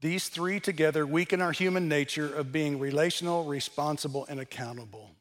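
A man's voice: fairly high pitch, brisk. An older man giving a sermon-style message, earnest and blunt, with touches of dry sarcasm. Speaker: speaker delivering a message.

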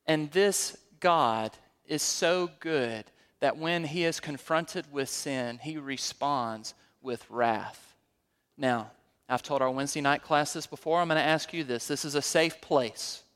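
Heard in a long, reverberant hall, a pastor delivers a sermon in a fairly high, clean, slightly bright voice at a somewhat slow pace. He takes the scripture verse by verse, uses rhetorical questions, and rises to emphatic peaks.

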